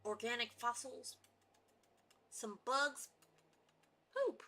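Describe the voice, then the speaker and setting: A woman streaming a video game with playful, goofy commentary, often dropping to whispers and then jumping to shouts. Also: on the high side, expressive, very slow. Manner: goofy, theatrical, drops to whispers and jumps to shouts.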